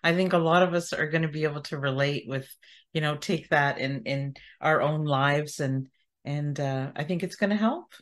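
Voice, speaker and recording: Soft-spoken woman hosting an interview. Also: low-pitched, moderate pace. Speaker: podcast host. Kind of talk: interviewing a guest.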